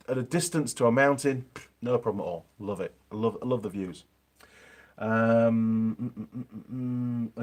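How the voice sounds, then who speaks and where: A man's voice: on the low side, a little mellow. A man with a Yorkshire accent chatting casually on a live stream from his home workshop, reading out viewer comments with plenty of ums.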